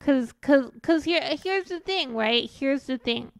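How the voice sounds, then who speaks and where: A woman's voice: high-pitched, expressive, unhurried, no echo. A woman streaming a game and chatting casually, rambling along with frequent giggles and calling herself by her own nickname. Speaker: VTuber streamer.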